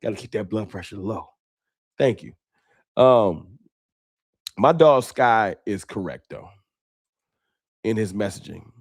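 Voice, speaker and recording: A man's voice: fairly low pitch, lively intonation, unhurried, long pauses, husky, no echo, clean studio sound. A man hosting a late-night sports fan livestream, talking off the cuff with emotion and slang. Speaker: sports fan show host.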